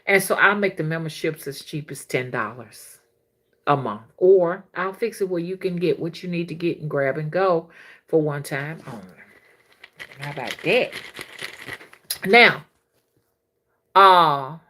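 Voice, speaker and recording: A woman's voice: low-pitched, normal speed. A woman, hosting a casual livestream as a spiritual reader and chatting with viewers. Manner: chatty, laughs often, slangy and animated.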